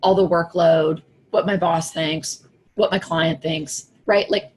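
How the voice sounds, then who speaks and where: A middle-aged woman coach telling a lively personal story to an audience, acting out her own inner voice. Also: deep voice, takes it slowly, breathy edge. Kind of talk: casual talk to an audience.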